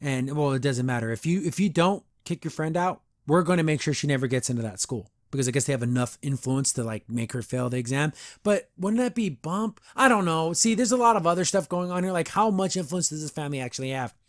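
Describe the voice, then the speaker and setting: A man with a slightly high voice talks through an episode review in a loose, chatty way. He is opinionated and easily amused, and he speaks into a close podcast microphone. The sound is dry, with no room echo. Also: animated, fast, few pauses. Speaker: podcast host. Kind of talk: casual episode review commentary.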